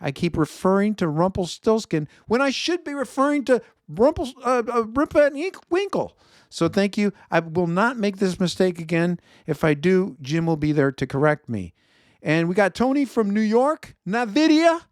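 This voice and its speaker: High-voiced Chicago-accented finance host. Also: male voice, animated, normal speed, no room sound, clean studio sound. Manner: conversational, reads viewer feedback, self-correcting. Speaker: investment show host. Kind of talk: market commentary show.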